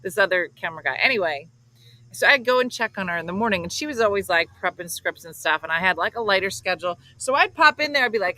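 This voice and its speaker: A woman's voice: medium pitch, fast talker, no room sound, low-quality recording. A woman from South Jersey hosting a morning show, telling a story and acting out the voices of the people in it. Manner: animated, acts out quoted voices. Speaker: host. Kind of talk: casual comedic storytelling.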